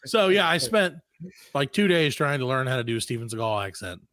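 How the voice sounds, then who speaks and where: A man's voice: mid-range voice, very animated, fairly quick, a bit bright, no echo. A man hosting a comedy podcast, chatting loosely and joking, rambling with lots of fillers. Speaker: podcast host. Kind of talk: casual comedy chat.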